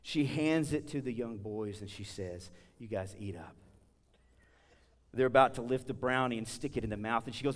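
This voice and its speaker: A man preaching a sermon in a church, telling stories in a conversational, animated way with big swings between loud and soft. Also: medium pitch, moderate pace, in a large hall. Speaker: guest preacher. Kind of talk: sermon with storytelling. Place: church sanctuary.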